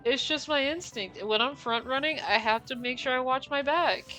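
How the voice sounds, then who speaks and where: A woman's voice: high-pitched, moderate pace, bright, forceful tone, low-quality recording. A young woman chatting casually while streaming a racing game, rambling with lots of fillers, apologizing and laughing often. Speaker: gaming streamer. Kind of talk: casual live-stream chat while playing. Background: game music.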